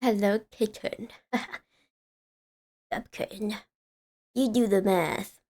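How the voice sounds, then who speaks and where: A woman's voice: mid-range voice, fairly even intonation, extremely slow, dark tone. A young woman streaming live, chatting casually with viewers, rambling and laughing often as she greets chatters.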